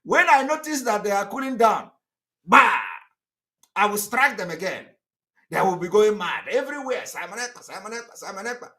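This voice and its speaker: A man's voice: high voice, bright, forceful tone. A man giving a combative, mocking live political broadcast, laughing at his critics. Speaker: activist broadcaster.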